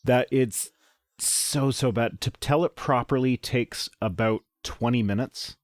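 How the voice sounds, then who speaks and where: A man's voice: medium pitch, a little slow, dry recording, clean studio sound. A man hosting a casual chat who rambles and repeats words as he tells a long story. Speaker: host.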